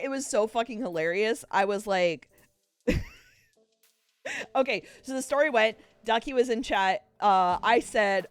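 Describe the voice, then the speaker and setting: A woman's voice: fairly high pitch, lively intonation, measured pace, a bit bright, no echo. A woman streamer chatting casually with her viewers, rambling and laughing often at herself. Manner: giggly, rambling, self-mocking. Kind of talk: casual live-stream chat.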